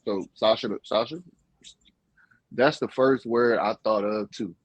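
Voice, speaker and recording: A man hosting a live-stream talk show, chatting casually and joking with his co-host and the chat in a husky, laid-back voice. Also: fairly low pitch, steady tone, measured pace, no echo, muffled recording.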